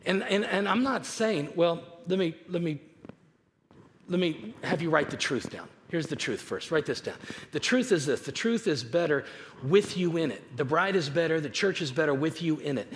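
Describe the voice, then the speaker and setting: The pastor, a California man, has a fairly high, animated voice and keeps a moderate pace. His sermon is conversational and full of stories, with plenty of repetition. Reverb from the church auditorium and faint background noise come through.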